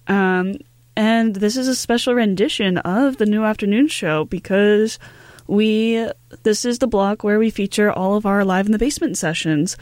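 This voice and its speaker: A woman's voice: mid-range voice, normal speed, a little mellow, dry recording. A woman hosting a casual radio show in a studio, chatty and upbeat with many fillers.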